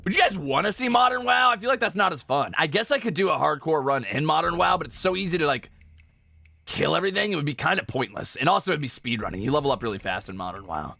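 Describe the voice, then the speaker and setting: European male streamer, animated and jokey, fairly high voice with a bit of fry. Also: fast, no room sound. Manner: chatty, self-correcting, jokey. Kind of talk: casual gameplay stream chatter.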